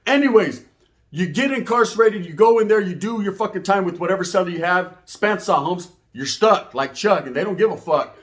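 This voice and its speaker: A man's voice: high-pitched, lively intonation, normal speed. A man telling a rambling, profane story in heavy street slang, tagging lines with "right?". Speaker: storyteller recounting prison life. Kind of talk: casual storytelling.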